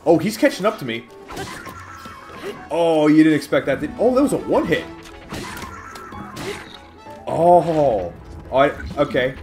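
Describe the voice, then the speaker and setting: A man hosting a let's-play, giving excitable, casual commentary, swearing at and taunting enemies. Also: a little high, measured pace, pauses often, soft background music. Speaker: gaming channel host.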